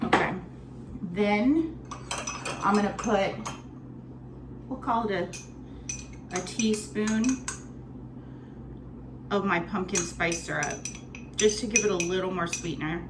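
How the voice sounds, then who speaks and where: Speaking unhurriedly in a medium pitch and pausing often, a lounge bartender walks through a casual cocktail tutorial at home. She's bubbly and swears offhandedly, and the recording is noisy, with roomy echo and background music, in her apartment's kitchen or bar area.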